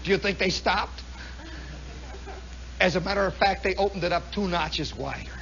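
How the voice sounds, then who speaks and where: A middle-aged man telling a rambling story in a spontaneous radio monologue, animated and bursting into shrieking imitations of racing planes. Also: high-pitched, normal speed, gravelly, slight background noise. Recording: dull 1960s radio broadcast recording.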